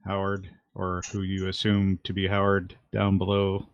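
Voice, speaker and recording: A man's voice: deep voice, monotone, normal speed, few pauses, no echo. A man narrating a tabletop game as game master, in a rambling, hesitant way with fillers, recorded at home on a desk mic over voice chat.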